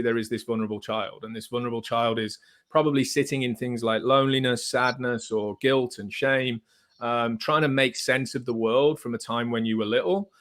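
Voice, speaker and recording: A man, a therapist hosting, explaining ideas in a measured, teaching way. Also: medium pitch, fairly bright tone. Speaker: therapist, host. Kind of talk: explanatory talk.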